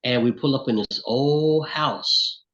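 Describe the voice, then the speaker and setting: A middle-aged man from Alabama with a Southern accent, telling lively stories as an interview guest. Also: medium pitch, slow, muffled recording. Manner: animated storyteller, acts out voices in quotes. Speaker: recording artist, interview guest. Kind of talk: storytelling in casual interview.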